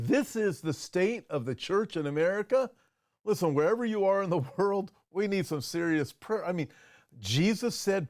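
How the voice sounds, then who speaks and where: Blunt, incredulous pastor hosting a show. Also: male voice, sits high, animated, normal speed. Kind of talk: commentary on video clips.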